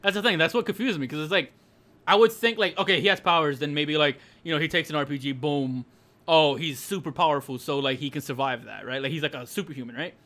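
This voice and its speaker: A man's voice: a little high, fast, bright, forceful tone. A young man streaming a racing game, ranting in casual chat with lots of laughter and swearing.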